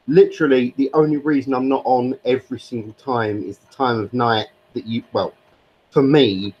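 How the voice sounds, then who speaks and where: A man with an or lilt joins the chat, agreeable and supportive and swearing casually. His voice sits at an average pitch. It comes through slightly dull, muffled voice-chat audio. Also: darkish tone.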